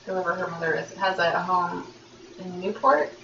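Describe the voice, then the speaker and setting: A woman's voice: fairly low pitch, moderate pace, creaky, pushed and bright, lo-fi sound. Woman chatting on a podcast, laid back, sounds far away in a roomy space. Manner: easygoing, laughs often. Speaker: podcast co-host. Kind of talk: casual chat. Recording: echoey, distant room mic with faint noise.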